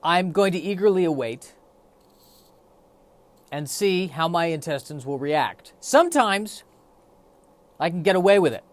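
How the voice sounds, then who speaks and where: A man's voice: fairly high pitch, lively intonation, unhurried, pauses often. A man hosting a solo podcast, rambling in a wry, self-deprecating way. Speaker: podcast host. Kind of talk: solo comedic podcast monologue.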